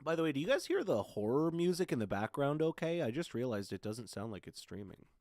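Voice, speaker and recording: With a mid-range, slightly mellow voice, big pitch swings and a brisk pace, a twenty-something Florida man chats casually on a live stream. He rambles and frequently thanks viewers, recorded in clean studio sound with no room sound and faint horror music behind him.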